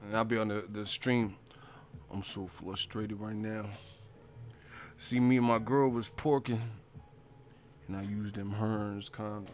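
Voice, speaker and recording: A man's voice: on the low side, steady tone, normal speed, a little mellow, faint music behind. A man hosting a live stream chat about boxing, talking in a loose, profane way and repeatedly cracking up laughing. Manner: profane, giggly, keeps breaking into laughter. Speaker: boxing channel host.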